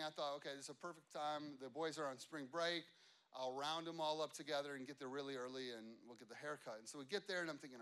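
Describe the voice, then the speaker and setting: A man in his thirties telling a rambling family story to an audience, animated and full of asides and fillers. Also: on the high side, smooth.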